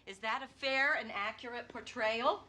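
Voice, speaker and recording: Casting: a pointed, probing prosecutor, bright voice, slightly high. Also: female voice, moderate pace. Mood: pressing. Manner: probing, pointed cross-examination. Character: sharp, relentless female prosecutor. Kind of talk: TV movie courtroom drama.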